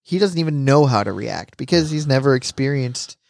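A man co-hosting a casual anime recap podcast, lively and quick to act out characters and laugh. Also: mid-range voice, vocal fry, dry recording, clean studio sound. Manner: animated, acts out characters in quick bits, laughs often. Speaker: podcast co-host.

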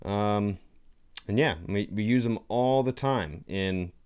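A man's voice: fairly low pitch, slow pace, a little mellow, smooth. A man chatting casually as a podcast co-host, rambling and playful, with many fillers and restarts. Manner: playful, jokey. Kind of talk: casual chat.

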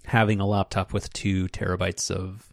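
A man's voice: deep voice, level tone, normal speed, gravelly, no room sound, studio quality. A man hosting a podcast in casual chat, rambling with many restarts and fillers. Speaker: podcast host.

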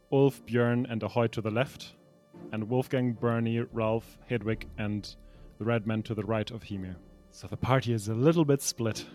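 A man's voice: mid-range voice, dark tone. A young adult man as game master, reading pre-written narration for a tabletop game with small slips and restarts.

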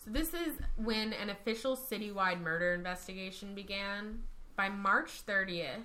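Bright-voiced woman podcast host. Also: mid-range voice. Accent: Texan, usually hidden. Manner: reads notes aloud, laughs often. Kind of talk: casual true-crime chat.

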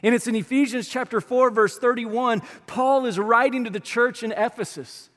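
Man, pastor, conversational sermon, high voice, long hall reverb. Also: moderate pace, fairly bright tone. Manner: conversational and colloquial, addressing the congregation directly.

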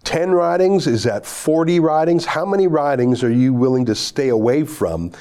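Interviewer guy, mellow warm voice, keeps piling on follow-up questions. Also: a little high, expressive, normal speed. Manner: pressing, asks stacked follow-up questions. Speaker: interviewer, host. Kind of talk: political interview.

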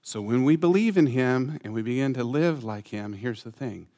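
A male pastor preaching to a live congregation in a church, mid-pitched and conversational, pausing to ask the room for shows of hands. His delivery swings widely, climbing into loud, stretched-out emphasis on scripture, then dropping to soft, almost whispered words. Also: lively intonation. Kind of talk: sermon.

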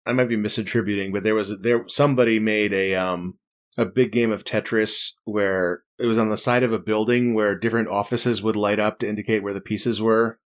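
Man, podcast host, fairly low voice, casual amused chat. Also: fairly even intonation, a little fast.

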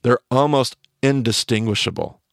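A man's voice: medium pitch, moderate pace, gravelly, clear, resonant tone, no echo, studio quality. A man teaching on a podcast, explaining a story and quizzing his cohost with questions.

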